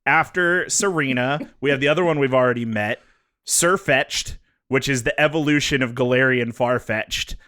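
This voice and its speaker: A man's voice: mid-range voice, normal speed, bright, forceful tone, clear, resonant tone, no room sound. A man co-hosting a comedy podcast, talking in a dry, teasing way as he lays out his picks. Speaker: podcast co-host. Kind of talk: casual comedic chat.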